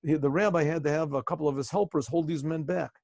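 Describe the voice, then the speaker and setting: A man, a rabbi, telling a story in a casual lesson, often clearing his throat, over a video call. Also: on the high side, steady tone, quick pace, darkish tone, no echo, clean studio sound.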